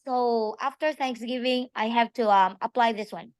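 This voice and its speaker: Woman teacher, on a video call; hesitant and thankful, high-pitched, dry. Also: normal speed, dry recording. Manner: hesitant, many fillers, grateful. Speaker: fifth-grade teacher, meeting participant. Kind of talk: casual chat on a video call.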